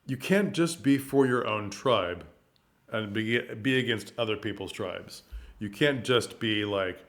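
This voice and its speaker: A man's voice: on the low side, slow pace, pauses often. Man talking through his views on theater. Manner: animated, tripping over words, with rhetorical questions. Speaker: theater commentator. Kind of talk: casual monologue commentary.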